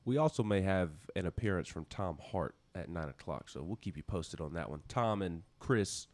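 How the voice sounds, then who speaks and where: A low-pitched man co-hosting sports talk, dry and matter-of-fact. The studio sound around him is close and dead. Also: animated, moderate pace, darkish tone, dry recording. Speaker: sports radio co-host. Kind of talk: casual sports talk chat.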